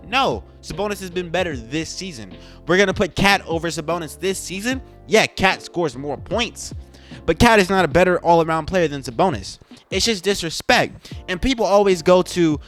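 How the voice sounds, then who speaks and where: A man's voice: fairly high pitch, animated, a little fast, a bit bright, faint music behind. A man hosting a sports podcast, ranting casually and emphatically with indignant rhetorical questions. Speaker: podcast host.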